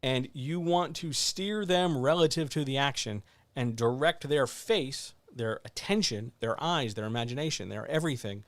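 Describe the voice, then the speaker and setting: A man's voice: medium pitch, lively intonation, normal speed, no room sound. A man hosting a casual writing chat, teaching with blunt, wry emphasis and lots of repetition. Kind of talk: casual instructional talk.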